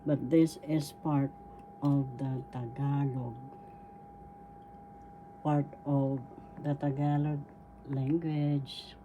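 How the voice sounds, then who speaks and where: A woman with a Filipino accent teaching a language lesson, sounding out words slowly syllable by syllable. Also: extremely low pitch, level tone, dark tone, a little hiss or hum. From Philippines. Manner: slow, careful syllable-by-syllable pronunciation. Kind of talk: slow spoken language lesson.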